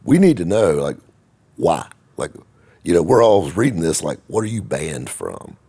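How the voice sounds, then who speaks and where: A man's voice: low-pitched, very animated, normal speed, warm tone, husky, full character voice. A man putting on a prying office lady. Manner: prying, questioning. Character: brisk middle-aged woman clerk at a plate office.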